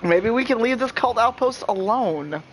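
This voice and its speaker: A man chatting casually while streaming a co-op game, excitable, laughing often and swearing freely. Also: very high voice, moderate pace, slight background noise. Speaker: gameplay streamer. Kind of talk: casual co-op gameplay chat.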